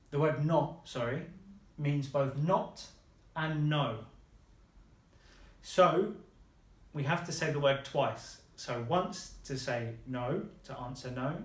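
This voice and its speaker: A man's voice: a little high, takes it slowly, echoey room. A man teaching a beginner language lesson, patiently modeling words and praising his student.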